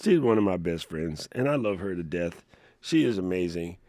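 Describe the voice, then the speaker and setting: A man hosting a live Q&A stream, playful and joking, chatting to viewers in a slightly hoarse voice. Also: sits low, expressive, moderate pace, warm tone, dry recording, clean studio sound. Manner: playful, joking, laughs often, reads chat aloud. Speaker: livestream Q&A host. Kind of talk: casual live-stream chat.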